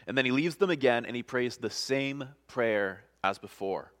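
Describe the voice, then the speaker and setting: A male pastor giving a sermon in an earnest, conversational way, at a middle pitch. He often restarts phrases and checks in with the listeners. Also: moderate pace, hardly any pauses, a bit bright.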